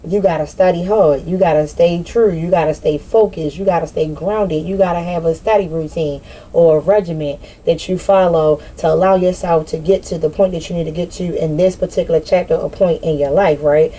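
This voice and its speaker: A woman talking candidly in a personal vlog, slangy and animated, swearing and laughing at herself. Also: deep voice, moderate pace. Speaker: spiritual vlogger.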